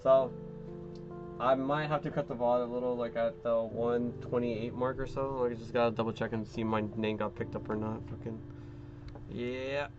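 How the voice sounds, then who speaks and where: A man's voice: mid-range voice, little pitch movement, normal speed, dull audio, music in the background. A man streaming from home, chatting casually while he glues a model kit, rambling and swearing often with lots of fillers.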